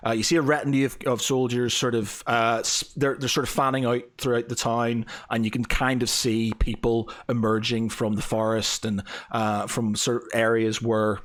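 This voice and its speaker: Halting man running a tabletop game. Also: medium pitch, level tone. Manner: halting, full of fillers and restarts. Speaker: dungeon master.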